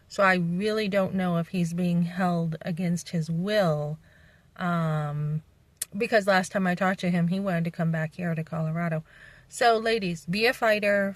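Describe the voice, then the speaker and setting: A woman's voice: on the low side, dry recording, poor audio. A middle-aged woman from New England, talking bluntly and rambling with fillers in a casual vlog, recorded on a phone in her parked van. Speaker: vlogger.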